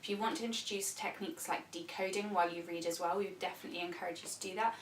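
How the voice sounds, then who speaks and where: A woman teacher giving a read-aloud tutorial for early years, animated and full of gasps and animal sounds. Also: lowish voice, rapid-fire, a little hiss or hum. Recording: roomy sound from a distance.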